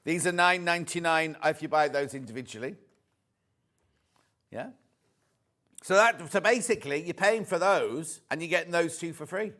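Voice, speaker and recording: A man's voice: on the high side, normal speed, long pauses, a bit bright. A middle-aged man presenting live on a shopping channel, chatting and reading out viewer messages.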